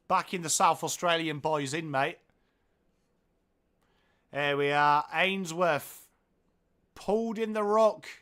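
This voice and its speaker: A man with an English accent calls the game live and chats with his stream viewers as he goes. His voice sits high, and his delivery is casual and talkative, rising when a goal goes in. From England. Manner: chatty, reads viewer comments aloud, gets excited at goals. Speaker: livestream watchalong host. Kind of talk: live commentary and chat with viewers.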